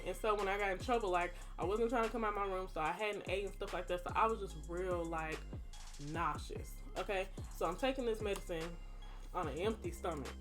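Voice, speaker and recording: A woman's voice: fairly low pitch, fairly bright tone. A young woman, telling a personal story to her viewers in a chatty, dramatic way. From Texas. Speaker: vlogger. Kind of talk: casual storytime.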